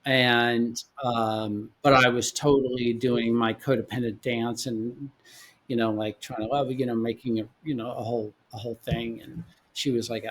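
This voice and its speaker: A man in his forties, a podcast guest, telling his own story in a halting way, often repeating words as he goes. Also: medium pitch, flat delivery. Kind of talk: candid personal storytelling.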